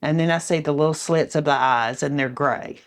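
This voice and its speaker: Low-voiced woman retelling a memory. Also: fairly even intonation. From Arkansas, US. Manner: halting, vivid retelling with restarts. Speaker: interviewee. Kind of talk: recounting memories in an interview.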